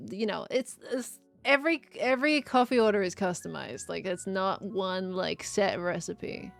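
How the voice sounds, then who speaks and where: A woman's voice: mid-range voice, moderate pace, gravelly, few pauses, fairly bright tone, faint music behind. A woman, chatting casually on a live stream, rambling and laughing as she reads chat. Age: 20s.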